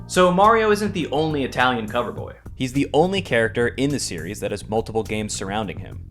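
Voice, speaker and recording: A man's voice: medium pitch, fairly bright tone. A man hosting a scripted video game explainer, with wry, casual asides. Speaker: host. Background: faint guitar music.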